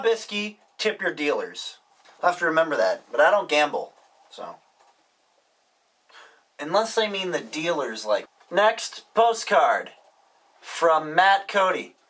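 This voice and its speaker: A man's voice: fairly high pitch, bright, forceful tone, distant mic, rough recording. A young man reading viewer postcards aloud in a casual vlog, adding dry, wisecracking asides. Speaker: YouTuber reading viewer mail.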